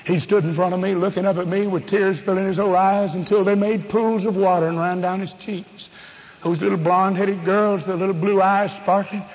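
A man preaching an evangelistic sermon, fervent and pleading, swinging from loud calls to hushed appeals. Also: high voice, long reverb tail, highs cut off.

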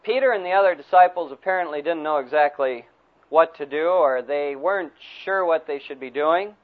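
A man preaching a sermon who retells a story in a folksy, animated way. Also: a little high, moderate pace. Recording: tinny phone-like recording.

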